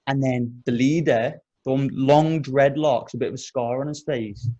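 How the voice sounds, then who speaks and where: A man's voice: medium pitch, measured pace, muffled recording. A young man hosting a podcast, telling a story in casual chat with lots of swearing. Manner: animated storyteller, swears a lot. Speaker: podcast host.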